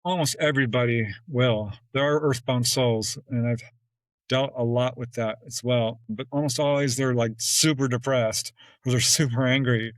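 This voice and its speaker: A man in a relaxed interview who tells his stories with plenty of animation. He acts out the dialogue and jumps up in pitch when he quotes, with frequent little laughs. His voice sits in a middle register, recorded close and dry with no room sound. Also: moderate pace, dry recording, rough recording. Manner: laughs often between phrases. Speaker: podcast guest. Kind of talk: casual storytelling in an interview.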